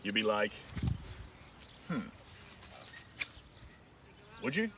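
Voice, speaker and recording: A man's voice: lowish voice, animated, normal speed. A man chatting casually on a live stream while painting a dog portrait, rambling and joking as he thinks aloud. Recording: distant mic with outdoor noise.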